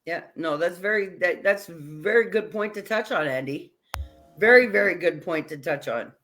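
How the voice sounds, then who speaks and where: A woman's voice: on the low side, lively intonation, normal speed, a bit bright, soft background music. Woman host, casual chat, blunt and punchy, leans on short emphatic lines.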